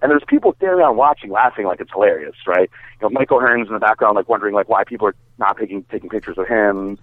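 Low-voiced man on a tinny line. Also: fast, dry recording. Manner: rambling, filler-heavy, swears freely. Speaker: guest bodybuilder. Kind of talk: casual storytelling. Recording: dry, tinny phone-like sound.

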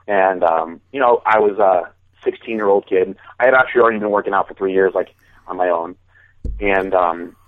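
A deep-voiced man chats casually on a podcast, telling a long story in a rambling way and often restarting sentences by repeating words. The call audio is dry and phone-like, with no room sound.

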